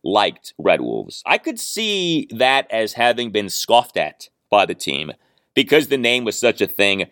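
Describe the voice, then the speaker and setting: A man's voice: fairly low pitch, wildly swooping pitch, unhurried, fairly bright tone, no room sound, studio quality. A man hosting a sports podcast, giving emphatic, opinionated commentary on his own. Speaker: podcast host.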